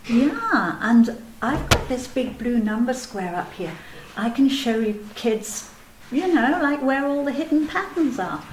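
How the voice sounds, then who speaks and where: High-voiced, patient kindergarten teacher. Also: female voice, animated, unhurried, a little hiss or hum. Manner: patient, gently explaining, sing-song. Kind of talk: children's video lesson. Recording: echoey room, faint background ambience.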